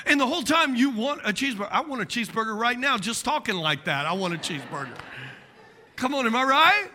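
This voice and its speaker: A man with a very high, bright, piercing voice preaches a sermon to his congregation. He is middle-aged and animated, joking as he acts out little quoted voices and drops into muttered asides. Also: fast. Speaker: pastor.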